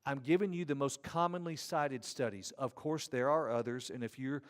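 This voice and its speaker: A man's voice: mid-range voice, moderate pace. A man with a drawling Southern Georgia accent lectures in a middle-register voice, mixing teaching with folksy joking asides. His voice carries a long reverb, as if from a large church auditorium. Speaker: conference speaker, ethics teacher. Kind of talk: conference lecture. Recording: reverberant hall.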